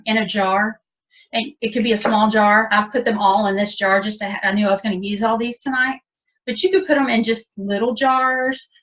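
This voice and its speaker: A woman's voice: fairly high pitch, a bit bright. A woman teaching a cooking demonstration, chatty and explaining step by step. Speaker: cooking instructor. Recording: dull lo-fi audio from a distance.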